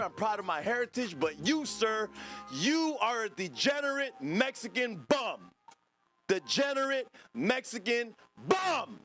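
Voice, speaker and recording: A man with a very high, sharp voice hosts a livestream podcast, ranting angrily at his chat. His delivery is profane, drawling, and sing-song.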